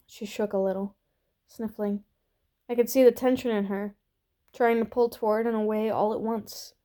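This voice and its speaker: A woman reading a story aloud in a slow, soft, gentle voice that sometimes drops to a hush. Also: medium pitch, steady tone. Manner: slow, soft and gentle, dropping to hushed whispers. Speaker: reader.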